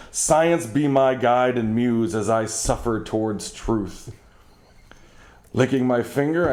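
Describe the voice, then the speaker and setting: A man and podcast host giving an overwrought, theatrical comedic story reading, swinging from hushed to frantic and sometimes breaking into laughter. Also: on the low side, vocal fry. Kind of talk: melodramatic comedic first-person story reading.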